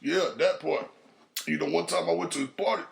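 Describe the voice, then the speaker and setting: A podcast host tells a crude street story in a casual, profane monologue, jumping into higher voices for the people he quotes. His voice is gravelly, and he talks a little fast.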